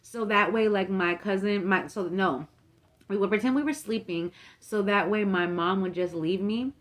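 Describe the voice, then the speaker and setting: Eating on camera, a young woman tells a casual story in a mid-range voice at normal speed. She chats freely with plenty of fillers and acts out the people she's quoting.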